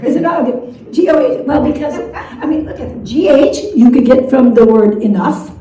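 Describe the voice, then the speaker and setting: A woman's voice: sits high, animated, normal speed, warm tone. An older woman, a retired teacher, doing stand-up comedy and laughing through her jokes. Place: comedy club stage. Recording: roomy live stage sound from a distance, audience audible.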